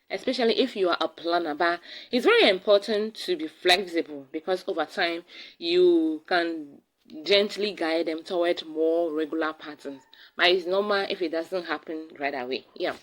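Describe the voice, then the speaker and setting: In a low-quality recording, a woman with a fairly low voice and a Ghanaian English accent gives pregnant women casual advice straight to camera as a parenting vlogger. She emphasizes her points by repeating key words.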